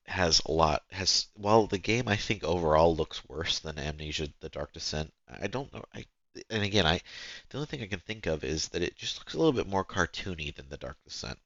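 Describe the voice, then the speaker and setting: A man's voice: low-pitched, lively intonation, moderate pace, no echo. A man hosting a gaming channel, giving casual let's-play commentary in a rambling, hesitant way full of fillers and restarts. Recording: dull lo-fi sound with game music behind. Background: loud game music.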